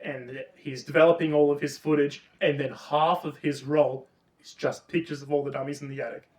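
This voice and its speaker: A man co-hosting a casual book review chat, retelling the plot with lots of swearing and animated energy. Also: a little high, a little fast. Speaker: podcast co-host. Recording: roomy, distant mic.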